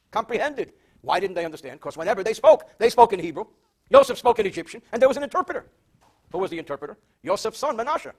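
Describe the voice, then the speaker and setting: An older man, a rabbi, teaching a Torah portion verse by verse, reading Hebrew slowly, translating, and adding dry wisecracks. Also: very high-pitched. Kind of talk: verse-by-verse Torah class with jokes.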